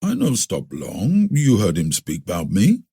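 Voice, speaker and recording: A man's voice: on the low side, wildly swooping pitch, unhurried, gravelly, mellow, slightly rough, full character voice. A man voicing a taciturn, mysterious stranger from the far north who speaks in clipped, broken English. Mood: terse.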